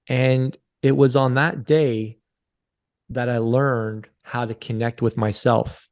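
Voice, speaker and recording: A man's voice: mid-range voice, steady tone, takes it slowly, darkish tone. A man in his forties, a podcast guest, telling a personal story in an earnest, confessional way and often repeating his phrases. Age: 40s. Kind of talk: candid interview storytelling.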